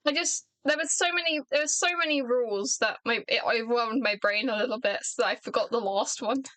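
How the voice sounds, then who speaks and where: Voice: medium pitch, a little fast, sharp tone, no echo. A British streamer commentating a video game playthrough, joking with chat and teasing themself. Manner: self-mocking, joking with chat.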